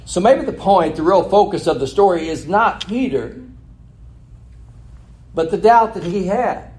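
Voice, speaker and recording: Male preacher, a touch higher than most, reads scripture then unpacks it with rhetorical questions, casual and self-correcting. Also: animated, unhurried, a little mellow. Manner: laughs at his own slip and corrects himself. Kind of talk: sermon with scripture reading.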